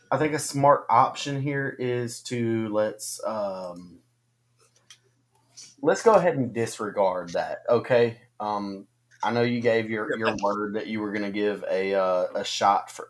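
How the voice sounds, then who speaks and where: A man co-hosting a casual fantasy football livestream, talking haltingly with many ums and restarts. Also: fairly low pitch, slight background noise. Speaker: co-host of a fantasy football stream.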